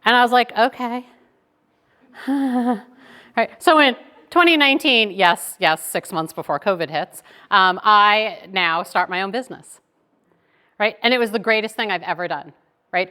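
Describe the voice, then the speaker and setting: A woman, giving a keynote talk as lively conversational storytelling that keeps checking in with "right?". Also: medium pitch, a little slow, clean tone. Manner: chatty, animated, tags lines with "right?". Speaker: keynote speaker.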